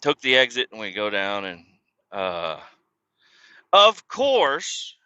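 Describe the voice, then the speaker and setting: Casting: male podcast host, bright forceful tone, heavy cursing, rambling casual storytelling, dull dry lo-fi recording. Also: lowish voice, wildly swooping pitch, slow, smooth, no echo. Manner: profane, rambling, swears constantly.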